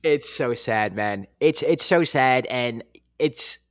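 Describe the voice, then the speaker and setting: A man's voice: mid-range voice, slow, no room sound, clean studio sound. A man hosting a sports podcast, ranting in casual chat as an exasperated fan. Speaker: podcast host.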